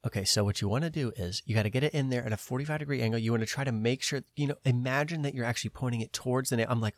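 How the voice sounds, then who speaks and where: A man's voice: medium pitch, racing, hardly any pauses, no room sound. Guy on a podcast telling a wild story, swears a lot, dry close mic. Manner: animated storyteller, quotes others in his own voice, swears. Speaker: podcast host. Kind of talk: casual storytelling chat.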